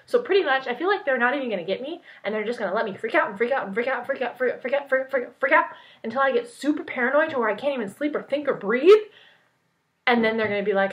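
A young woman vlogging, telling a story in an excited, rambling way full of "like". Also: fairly high pitch, racing. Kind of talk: casual storytelling vlog. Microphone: point-and-shoot camera mic. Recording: dull lo-fi camera audio.

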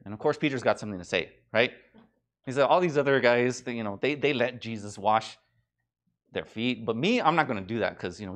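A man preaching a sermon as pastor, in a conversational, animated way with many restarts and fillers. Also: mid-range voice. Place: church.

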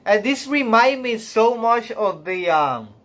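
A man reacting on a live stream, emotional and close to tears, gushing in halting speech full of fillers, sighs and laughs. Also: very high-pitched, animated, a bit bright.

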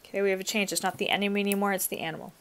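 A woman teacher reading a story aloud to her students and explaining it in a casual, chatty way, with expressive emphasis on the quoted passages. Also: mid-range voice, rapid-fire. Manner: casual, chatty asides with fillers and light laughs.

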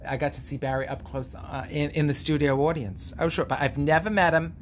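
A man's voice: fairly high pitch, fairly even intonation, fairly quick, a little hiss or hum. A man hosting a casual vlog, telling a story in a theatrical, gushing, camp way and drawing out words. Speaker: vlog host. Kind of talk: casual chat monologue.

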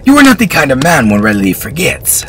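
A man's voice: mid-range voice, wildly swooping pitch, fast, fairly bright tone, a little hiss or hum, pitched above the performer's own voice. A man voicing a courtly older chancellor who is genial but patronizing, in a storybook reading.

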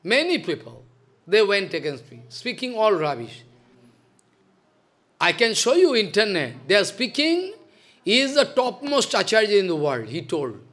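A man's voice: high voice, very animated, normal speed, fairly bright tone. A man, a spiritual teacher giving a devotional lecture in a stern, scolding manner, repeating his points. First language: Bengali.

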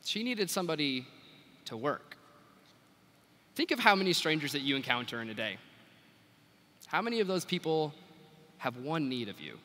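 Bright, lively young man speaking in a big arena. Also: on the high side, moderate pace, pauses often. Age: young adult. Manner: animated, quotes people in acted voices. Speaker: FFA national officer giving retiring address. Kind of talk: storytelling keynote speech. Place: large convention arena. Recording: long arena reverb.

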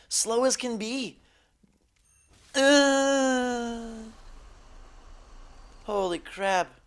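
A slightly hoarse man doing live game commentary on a headset mic, yelping at snakes on screen and joking with viewers. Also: extremely high pitch, animated, drawn-out words, pauses often, a bit bright. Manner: jumpy, yelps and jokes at on-screen snakes, chats with viewers. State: slightly hoarse, under the weather. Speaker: gaming streamer. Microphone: gaming headset.

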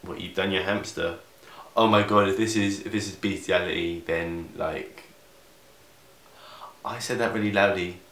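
Young man reading a story aloud, sarcastic asides, lowish voice, echoey room. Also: fairly even intonation, normal speed, long pauses, fairly bright tone. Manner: sarcastic, interrupts himself with asides. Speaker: vlogger. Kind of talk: comedic fan fiction reading. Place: room in grandparents' house.

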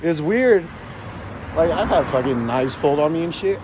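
A shaken vlogger films himself on his phone outdoors in a city, heart racing, venting in an agitated, rambling way. His slightly high, animated voice moves at normal speed as he swears and keeps circling back to the same points over a noisy background.

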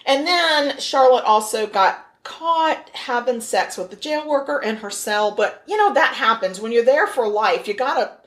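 A woman co-hosting a casual podcast, telling a story in an animated, joking way with frequent laughs. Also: a little high, moderate pace, hardly any pauses. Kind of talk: casual chat.

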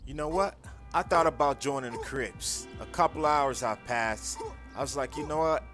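A man narrating and voicing the lead in a game story video, excitable and slangy. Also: mid-range voice, moderate pace, music in the background. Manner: excitable, slangy, often yelling for help.

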